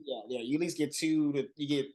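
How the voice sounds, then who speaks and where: A man's voice: fairly high pitch, steady tone, darkish tone. A man co-hosting a podcast, talking bluntly and jokingly, with plenty of swearing. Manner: fast, blunt and profane, joking. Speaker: podcast co-host. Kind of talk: casual chat.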